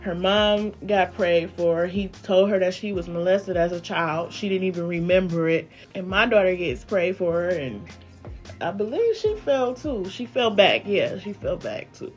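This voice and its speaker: A woman casually recounting her deliverance testimony, lively and emphatic. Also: on the low side, normal speed, soft background music. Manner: lively, emphatic, breaks into excited exclamations. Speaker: wife sharing a testimony.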